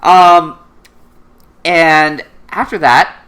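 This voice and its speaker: A woman's voice: deep voice, drawn-out words, a bit bright. A woman co-hosting a casual anime recap, retelling scenes with lots of swearing and acted-out lines. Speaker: co-host recapping anime episodes. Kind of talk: casual podcast chat.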